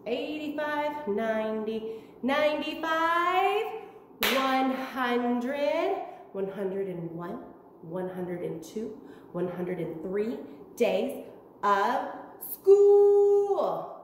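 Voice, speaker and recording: A woman's voice: fairly high pitch, slow, slight background noise. A woman teaching preschoolers from home, talking in a sing-song, child-directed way. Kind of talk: virtual preschool lesson. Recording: echoey room, far from mic, faint ambience.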